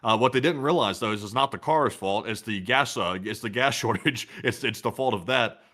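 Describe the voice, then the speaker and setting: A male co-host chats casually, cracking jokes and circling back over his own words. His voice is bright and forceful. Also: medium pitch, normal speed. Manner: joking, rambling with repeated words. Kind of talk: casual chat.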